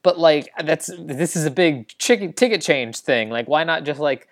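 A man's voice: fairly high pitch, moderate pace, no echo. Man with a dry, close sound. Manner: rambling, lots of "like" and quoted lines. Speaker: podcast co-host. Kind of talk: casual movie recap.

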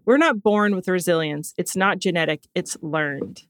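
A woman hosting a casual chat show, talking loosely with lots of "like" and quick laughs, and a parent herself. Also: lowish voice, clean tone, no echo, clean studio sound. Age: adult parent. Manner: chatty, lots of "like", laughs often. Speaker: podcast host. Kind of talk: casual chat, reading an article aloud.

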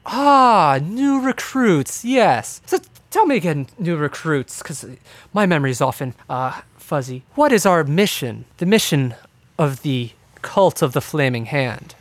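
A man voicing a scheming, gaunt male dark elf cult leader who speaks slowly with silky menace. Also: a little high, lively intonation, no echo. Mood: mock friendly.

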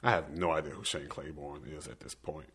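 Young male guest, very low voice, earnest storyteller. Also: steady tone, brisk, fairly bright tone, breathy edge. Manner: earnest, emotional, quotes himself and others. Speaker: activist guest. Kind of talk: personal storytelling in conversation.

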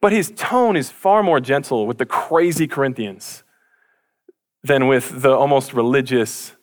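A man's voice: medium pitch, measured pace. Chatty joking pastor, man. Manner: conversational, jokey, animated impressions. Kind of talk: casual sermon.

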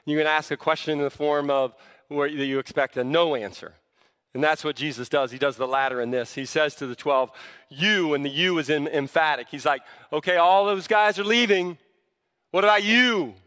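A man's voice: medium pitch, fairly even intonation, fairly quick, a bit bright, clear, resonant tone. A man preaching a sermon as pastor, teaching in a conversational way that builds to fervent emphasis. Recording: long reverb of a large hall.

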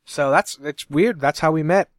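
On the high side and at a moderate pace, this podcast co-host, a young man from Cincinnati, USA, chats casually, rambling and correcting himself, laughing often. The studio sound is clean with no echo.

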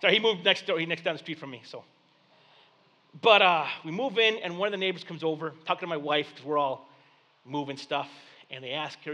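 A male pastor preaches in a church basement, spinning a story in a relaxed, conversational way. His voice sits high and sounds bright and ringing. He comes across as a man in his thirties talking to his congregation. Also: brisk. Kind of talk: sermon.

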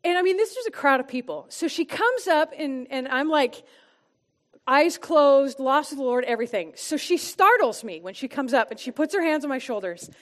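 A woman sharing a heartfelt personal testimony and teaching at a church gathering, her earnest voice often dropping soft and quiet for emphasis. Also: high voice, lively intonation, normal speed. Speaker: church small-group speaker.

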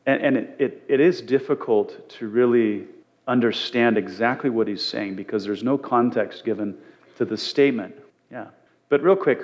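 A man teaching from the Bible as a pastor, in a conversational way with frequent fillers and restarts. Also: medium pitch.

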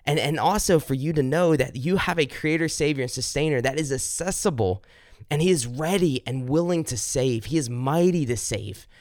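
A man's voice: normal speed, a little mellow, no echo, clean studio sound. A man hosting a faith podcast, talking earnestly with many restarts and repeated words, then praying aloud. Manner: earnest, repeats words, rises high and fervent when pleading. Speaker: podcast host. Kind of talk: heartfelt devotional podcast talk and prayer.

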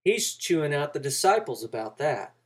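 A man's voice: fairly high pitch, sing-song, normal speed. A man preaching a sermon, walking through a passage and acting out the quoted lines with rising emphasis.

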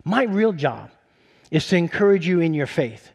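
High-voiced man preaching a story-filled sermon. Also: moderate pace, creaky, breathy edge. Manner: storytelling, voice rising high with excitement. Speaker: pastor.

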